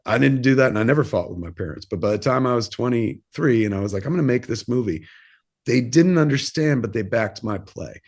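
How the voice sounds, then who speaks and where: A man's voice: mid-range voice, animated, brisk, breathy edge. A man in his fifties, a filmmaker and podcast guest, telling a personal story in a candid, rambling way, swearing freely and using plenty of fillers. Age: 50s. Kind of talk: casual interview storytelling.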